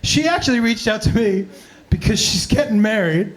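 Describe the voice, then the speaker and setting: A male comedian telling profane stories at a live Q&A, animated and laughing often. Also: high-pitched, normal speed. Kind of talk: storytelling in a live Q&A.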